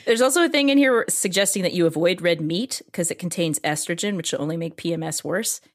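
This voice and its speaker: A woman in her forties co-hosting a casual chat podcast, telling stories in an animated way with frequent laughter. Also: lowish voice, fast talker. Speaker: podcast co-host.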